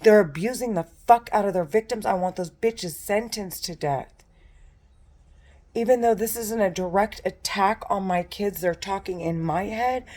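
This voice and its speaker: A woman's voice: lowish voice, darkish tone. A distressed woman giving an angry, profane, repetitive monologue to camera, recorded at home in her condo. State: distressed and agitated. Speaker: vlogger.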